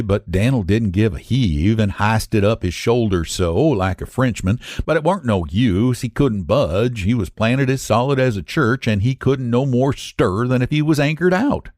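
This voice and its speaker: A man's voice: medium pitch, lively intonation, normal speed, hardly any pauses, a little mellow, no echo, studio quality. A man reading a classic short story aloud as host, telling it in a folksy rural dialect. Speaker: story reader.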